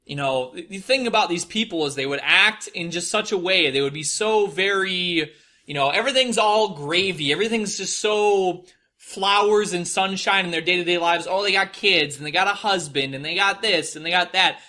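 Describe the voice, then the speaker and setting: A young man with a Midwestern American accent hosts a podcast, rambling through stories in a casual, profane monologue and often mocking people with put-on voices. His voice is high and bright with a pushed quality, and he talks at a moderate pace.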